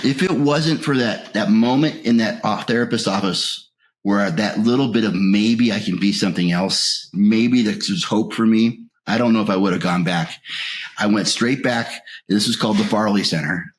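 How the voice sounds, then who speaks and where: A man relates his recovery in an interview, raw and emotional, his voice rising as anger returns and dropping to a near whisper at the lowest points. There is slight background noise.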